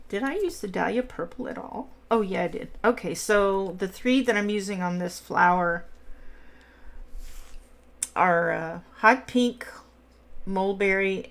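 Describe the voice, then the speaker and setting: A woman's voice: mid-range voice, gravelly. A middle-aged woman, hosting a casual coloring livestream and chatting with viewers as she works. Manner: chatty, reads and answers viewer comments while coloring. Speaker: livestream host.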